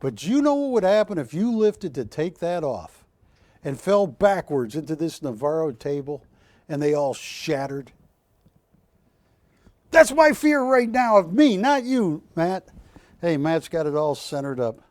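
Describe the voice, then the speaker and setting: This man pitches art prints live on a shopping channel from a studio, chatty and joking, with rambling side remarks to his crew. His voice is on the high side and a little mellow, swinging widely in pitch at a measured pace, with no echo in the recording.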